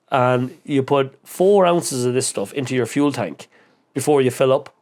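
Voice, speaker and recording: A man from the Irish midlands with an Irish accent, a podcast guest telling stories in a casual, animated way, acting out other voices and swearing freely. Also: mid-range voice. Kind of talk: casual storytelling interview.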